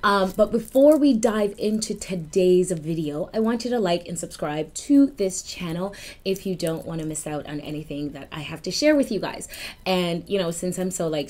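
Woman in her 30s vlogging, lowish voice, lots of ums, drops to a whisper sometimes. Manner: warm confiding talk with many ums and repeats. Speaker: Reiki healer and life coach. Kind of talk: personal vlog to camera.

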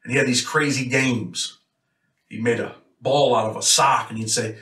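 A man's voice: mid-range voice, fairly even intonation, normal speed, bright, forceful tone. Blunt man telling a prison story. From Rochester, New York. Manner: blunt, plain-spoken, matter-of-fact. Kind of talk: casual storytelling. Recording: roomy echo, mic a bit far off.

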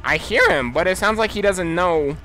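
Host man for a casual gameplay video: profane, jumpy, with a lively, swinging delivery. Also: sits high, normal speed, soft background music. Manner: excitable, profane, jumpy and easily spooked. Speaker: gaming YouTuber host.

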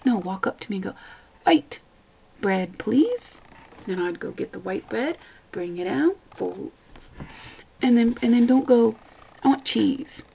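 A young woman rants about her workday in a casual vlog, exasperated and sarcastic, swearing freely. Her voice has a gravelly fry and a dark, mellow tone. She keeps slipping into mock voices to act out the customers. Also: medium pitch, rough recording. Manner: acts out customers in quoted voices. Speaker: vlogger. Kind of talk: casual ranting monologue.

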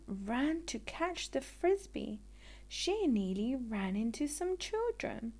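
A woman storyteller reading a children's picture book aloud in an expressive, deliberate way. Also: high-pitched.

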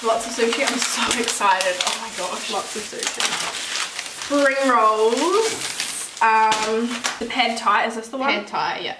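A woman's voice: a little high, slow. A young woman, chatting casually with her best friend, blunt and teasing. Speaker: guest friend. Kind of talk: casual chat. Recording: distant mic, loud background noise.

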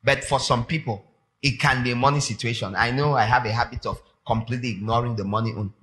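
A man preaching a sermon, animated and emphatic, repeating phrases for effect. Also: medium pitch, fast talker.

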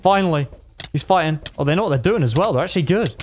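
A young man giving excited live commentary over his own gameplay, his voice jumping high when a fight goes well or badly. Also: rapid-fire, a little hiss or hum. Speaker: gaming video creator.

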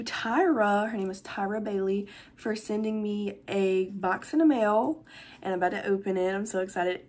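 A woman's voice: medium pitch, darkish tone, husky. A young woman, chatting through an unboxing vlog, gushing and close to tears. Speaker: vlogger.

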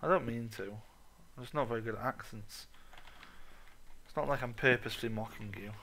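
A man's voice: medium pitch, brisk, bright, forceful tone, slight background noise. A man giving a goofy, sweary running commentary while playing a video game. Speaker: gaming channel host. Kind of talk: casual let's-play commentary.

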